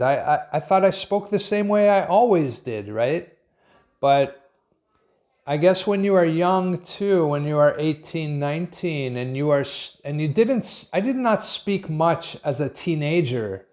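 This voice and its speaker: A man's voice: on the high side, darkish tone. A man in his fifties with an American accent, from Pennsylvania, giving an unscripted English lesson in a reflective way, thinking aloud and restarting his sentences. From Pennsylvania, USA. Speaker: English teacher.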